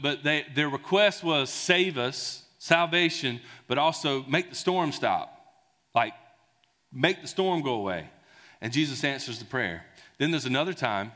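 A man preaching a sermon in a conversational, animated storytelling way. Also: medium pitch. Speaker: pastor. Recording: long hall reverb.

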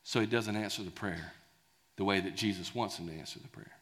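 A man preaching a sermon in a conversational, animated storytelling way. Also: deep voice, a little fast. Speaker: pastor. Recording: long hall reverb.

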